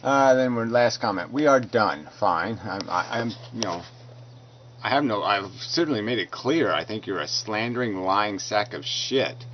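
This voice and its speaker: A man's voice: on the low side, animated, normal speed. A man angrily reading out and rebutting comments, profane and combative, stumbling over restarts. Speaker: video blogger answering comments. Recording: dull lo-fi recording with faint noise.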